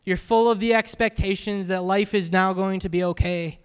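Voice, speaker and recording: High-voiced man preaching in an echoing hall. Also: fairly even intonation, moderate pace, clear, resonant tone. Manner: conversational preaching, frequent "right?" asides. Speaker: pastor. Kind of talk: sermon. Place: church sanctuary. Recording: reverberant hall.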